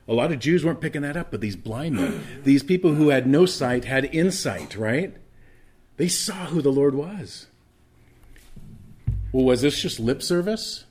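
A man preaching a morning sermon as pastor, swinging from loud emphatic lines to hushed asides and often repeating words as he restarts. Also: medium pitch, animated, normal speed, husky.

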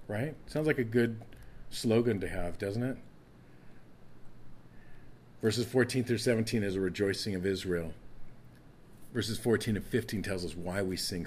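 A man's voice: fairly low pitch, normal speed, long pauses, darkish tone, a little hiss or hum. A man teaching a Bible passage as a pastor in an evening sermon, earnest, with emphatic stresses and scripture read aloud.

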